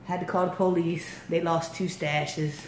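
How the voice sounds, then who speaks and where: A woman with a Baltimore accent telling a story in casual chat as a radio interviewer, acting out quotes with big jumps in pitch. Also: fairly even intonation, unhurried, a little mellow. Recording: echoey room, faint noise.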